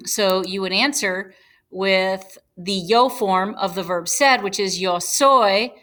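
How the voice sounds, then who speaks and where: A woman teaching a Spanish lesson over slides, explaining each step patiently and spelling words out slowly. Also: medium pitch, a bit bright. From United States.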